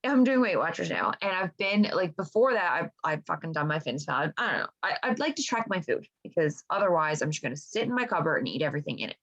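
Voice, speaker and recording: A woman co-hosting a casual podcast chat, animated and cursing often, full of "like" and restarts, on dull lo-fi audio. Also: fairly low pitch, fast talker, few pauses. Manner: animated, swears often, lots of "like". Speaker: podcast co-host.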